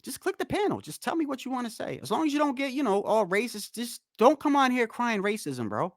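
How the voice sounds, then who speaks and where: His voice is very high-pitched and sing-song, moving fairly quickly. He hosts a live stream, cursing a lot and speaking bluntly as he answers his chat in a casual rant, with no room sound and clean studio sound.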